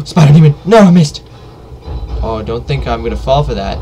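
A man giving joking live commentary while playing a game, yelping and shouting during fights. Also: medium pitch, expressive, brisk, slight background noise. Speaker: let's play gamer.

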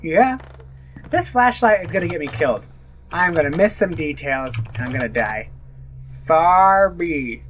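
Jumpy, animated gaming host. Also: male voice, on the high side, a little slow, a little hiss or hum. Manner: jumpy, exclaiming and joking at the screen. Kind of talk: horror let's play commentary.

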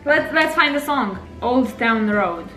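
A woman's voice: a little high, expressive, slow, pushed and bright. A woman vlogger whose first language is Romanian, chatting casually and singing song lines in put-on accents for an accent challenge. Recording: echoey room, mic at a distance, faint music.

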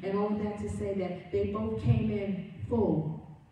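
Female minister, warm low-toned voice, earnest storytelling sermon, recorded from a distance in a church. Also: steady tone, a little slow, a little hiss or hum. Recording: very echoey room, voice from afar.

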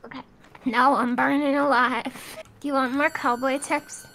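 Young woman gamer, high bright voice, talks slow and easy, super giggly and teasing. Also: little pitch movement, a little hiss or hum. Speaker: co-op horror gaming streamer. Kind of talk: casual gaming banter.

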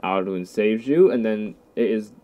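A man's voice: lowish voice, measured pace, mellow. A young man giving casual, goofy, self-mocking let's play commentary. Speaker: gaming youtuber.

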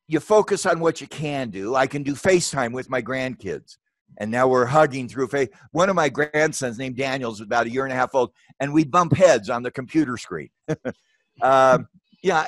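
An older man speaks as a guest presenter on a webinar, earnest and emphatic. His voice leaps upward whenever he drives a point home. The sound is close and dry, with no room around it. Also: no room sound. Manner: emphatic, earnest, with sudden rises in pitch when stressing points. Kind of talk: presentation and discussion.

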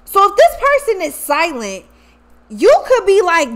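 A woman with a high voice gives a loose, casual tarot reading. She swears freely and talks in animated slang. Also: a little slow. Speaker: tarot reader.

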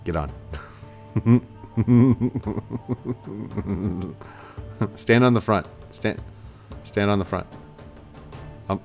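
A man with the sniffles giving casual let's-play commentary at home. He is excitable and bursts into laughter and high yelps. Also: extremely slow, gravelly, long pauses, soft background music. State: sniffly, stuffy nose. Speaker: gaming YouTuber.

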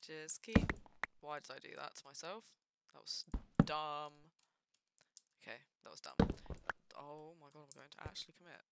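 A woman's voice: low-pitched, moderate pace, long pauses. Jumpy woman playing a game. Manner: jumpy, nervous and swearing, talking to herself. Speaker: gaming streamer. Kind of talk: casual gameplay commentary. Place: home room at a computer. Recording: loud background noise.

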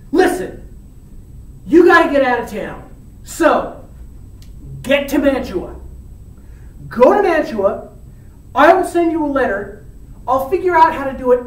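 An older friar lectures and scolds with exasperated urgency, as a woman puts him on. The voice is fairly high and sometimes rises to a shout. It sounds distant and roomy, with echo around it. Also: animated, a little slow, long pauses. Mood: urgent instructing. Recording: roomy, from far off.

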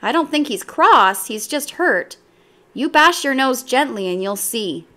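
Brief: a woman playing a caring young gorilla brother, gentle, explains things patiently. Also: high-pitched, animated, unhurried.

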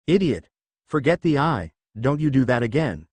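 A man's voice: medium pitch, very animated, moderate pace, a little mellow, husky, dry recording. A man voicing a fierce, icy young woman in a story reading, speaking in curt, threatening bursts.

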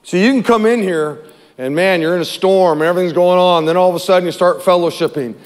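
A male pastor delivers a sermon in a fairly high voice. He tells it as animated storytelling, hammering phrases again and again. A long hall reverb trails each line. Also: fast talker.

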